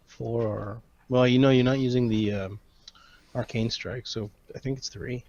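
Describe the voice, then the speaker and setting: Slow-talking man at a tabletop game. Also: medium pitch, fairly even intonation, darkish tone, lo-fi sound, slight background noise. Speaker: player. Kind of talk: casual tabletop game chat.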